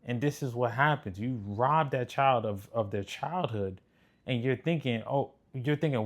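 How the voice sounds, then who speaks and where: A man's voice: mid-range voice, moderate pace. A man giving blunt, preachy commentary on relationships, swearing freely as he reacts to clips. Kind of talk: casual commentary.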